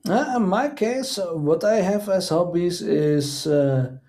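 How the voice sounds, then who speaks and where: Streamer host, man, higher pitch, mellow tone, quaintly formal, hesitant. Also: takes it slowly. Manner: quaintly formal, fond of "indeed" and "I say"; hesitant, many fillers. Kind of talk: casual chat.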